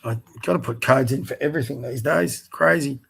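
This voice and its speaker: A man's voice: mid-range voice, a little fast, gravelly, fairly bright tone, breathy edge. A middle-aged Australian man hosting a livestream, bluntly and profanely ranting as he reads and mocks posts. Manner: blunt, profane, scornful asides. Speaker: livestream host. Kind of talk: angry live rant reading social media posts.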